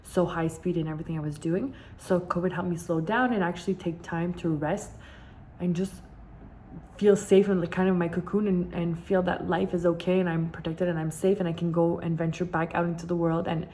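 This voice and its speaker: A young woman vlogger tells personal stories candidly to her camera, repeating words for emphasis. Her warm voice sits a little low for a woman, her tone stays steady, and she talks a little fast, with a faint noise floor humming beneath the recording.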